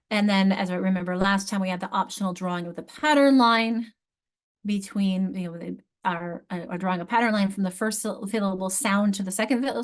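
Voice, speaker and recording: A woman leading an online teacher training, explaining spelling steps and often correcting herself mid-sentence. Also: medium pitch. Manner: explanatory, self-correcting with frequent restarts.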